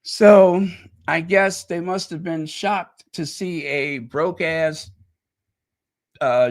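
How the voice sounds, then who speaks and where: Animated, rambling male storyteller from Chicago. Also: fairly high pitch, takes it slowly, long pauses. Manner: rambling, animated, laughs at his own story. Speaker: channel host. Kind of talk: casual storytelling monologue.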